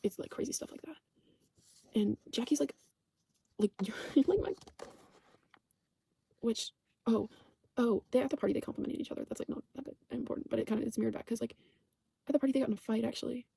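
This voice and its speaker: A woman rambles through a casual TV recap, peppering it with "like", swearing and stopping to correct herself. Her voice sits a bit high, mellow in tone, with a gravelly fry running through it. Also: quick pace, pauses often, no room sound. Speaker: channel host recapping a TV show.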